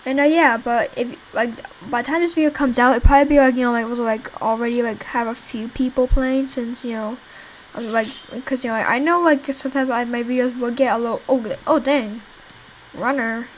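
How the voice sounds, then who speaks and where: Young woman rambling thru her own zombie game, kinda high voice, bit of hiss behind. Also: fairly even intonation, fairly quick, low-quality recording. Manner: rambling, swears, talks to viewers while playing. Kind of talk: casual gameplay commentary.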